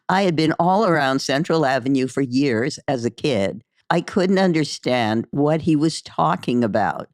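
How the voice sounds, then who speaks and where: A woman narrating a memoir in the first person, slow and measured, in audiobook style. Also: a bass voice, a little mellow, no room sound, studio quality.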